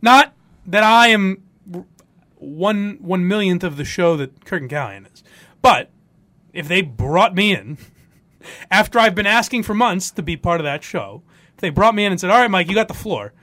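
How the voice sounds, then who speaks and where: A man's voice: high voice, normal speed, dry recording. A man hosting a podcast, telling stories in casual chat and mimicking the people in them. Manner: animated storytelling, mock voices for others. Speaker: podcast host.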